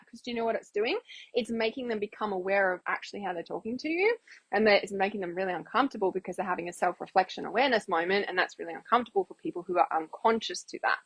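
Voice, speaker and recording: A woman's voice: medium pitch, expressive, fast, fairly bright tone. A woman hosting a casual livestream Q&A as an intuitive healer, chatting loosely and acting out little quoted exchanges.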